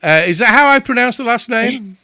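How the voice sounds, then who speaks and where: A man's voice: very high-pitched, animated, fairly quick, crowd noise. A British man hosting a business interview show, chatty and upbeat, with frequent fillers and restarts. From Britain. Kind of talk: energetic interview chat.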